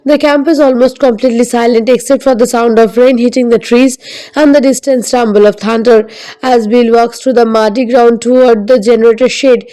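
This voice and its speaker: A woman narrating a scripted film recap in a steady, even storytelling manner. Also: a little high, poor audio.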